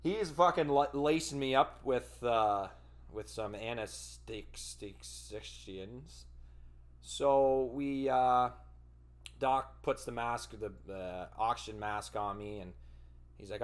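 A man hosting a podcast, telling a personal story in casual, profane, rambling speech. He fumbles for words and breaks into loud, animated bursts. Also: mid-range voice, slow. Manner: animated retelling with loud outbursts. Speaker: podcast host.

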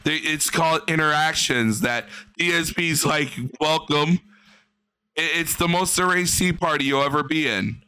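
A young adult man giving profane reaction commentary on a stream, mocking and animated. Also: a little high, normal speed, few pauses, clear, resonant tone.

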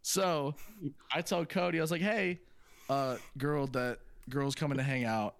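A man's voice: a little high, smooth. Laughing young man hosting a podcast. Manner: laughs often, talks fast in repeated bursts. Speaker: podcast host. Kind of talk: casual podcast banter and storytelling.

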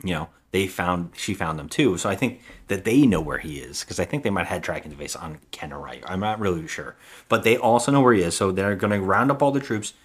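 Man, podcast co-host, low voice, rambling plot recap, casual. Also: expressive, fast, slightly rough. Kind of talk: casual movie review chat.

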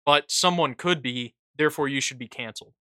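A man co-hosting a casual political chat, talking in a halting way with many restarts and fillers. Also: medium pitch, sharp tone, no echo, clean studio sound. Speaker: podcast co-host reading chat.

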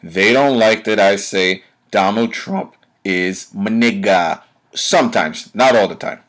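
A man's voice: fairly low pitch, takes it slowly, fairly bright tone. A man hosting his own podcast, delivering a blunt, profane, confrontational solo rant full of rhetorical questions aimed at his listeners. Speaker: podcast host.

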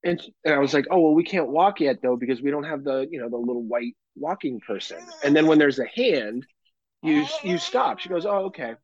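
A man's voice: fairly high pitch, animated, brisk, dry recording. A man in his thirties, co-hosting a casual podcast chat, telling stories animatedly with lots of laughter and casual swearing. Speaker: podcast co-host. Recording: dull, lo-fi dry sound.

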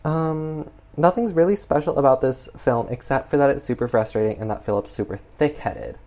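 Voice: medium pitch, moderate pace, warm tone. A film reviewer recapping a movie plot in casual chat, exasperated and full of "like" and "um.". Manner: chatty, exasperated, heavy use of "like".

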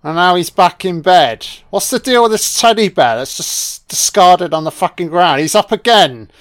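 A man's voice: high-pitched, normal speed. A man giving a sarcastic, foul-mouthed comedic commentary on a film. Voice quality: sweary, sarcastic, deadpan. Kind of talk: profane comedic movie commentary.

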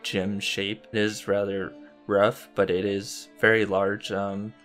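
A man narrating a tabletop game as game master, unhurried and hesitant, with many fillers. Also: fairly low pitch, little pitch movement, fairly bright tone, soft background music. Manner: slow, hesitant delivery with fillers.

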